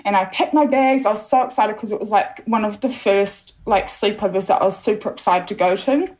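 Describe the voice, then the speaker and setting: A woman's voice: mid-range voice, a little fast, darkish tone. A bubbly young woman from New Zealand, a podcast guest, chatting casually and laughing often as she tells her story.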